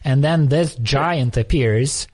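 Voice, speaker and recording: A man's voice: medium pitch, slow pace, noisy background. A man in casual conversation, telling a story thoughtfully, often restarting as he searches for words. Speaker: podcast conversation partner.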